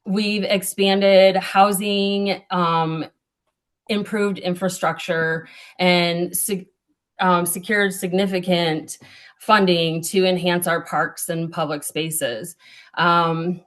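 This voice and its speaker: A woman's voice: fairly low pitch, steady tone, slow pace. A woman mayor giving prepared remarks at a town hall, earnest, with frequent ums and small self-corrections.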